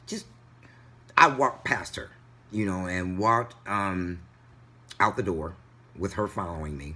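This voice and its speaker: A man vlogging, retelling a story in an animated, indignant way. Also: on the low side, measured pace, long pauses, breathy edge. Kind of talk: casual storytelling vlog.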